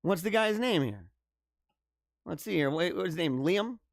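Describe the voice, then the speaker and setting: A man's voice: sits high, lively intonation, unhurried, gravelly, no echo, studio quality. A man hosting a casual livestream, reading news items aloud and joking about them in a rambling way. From United States. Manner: rambling, joking, chuckles often. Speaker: livestream host.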